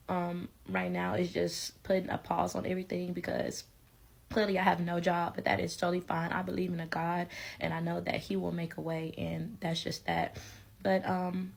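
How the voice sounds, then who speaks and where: Emotional woman w/ a creaky low voice, talking earnest to her followers. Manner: earnest, addresses viewers directly. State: emotional, upset.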